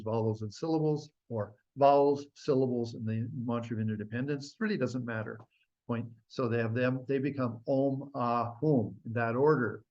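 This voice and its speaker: A man teaching Buddhist practice, explaining in a relaxed, rambling way with many restarts. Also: mid-range voice, dull audio. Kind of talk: recorded dharma teaching.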